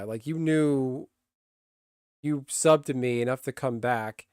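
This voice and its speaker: A man chats live to his stream in a blunt, grumbling way, cursing freely as he talks. His voice sits at a middling pitch. The sound is dry and close, with no room echo. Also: slow pace, a little mellow, clean tone. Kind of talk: casual live-stream chat.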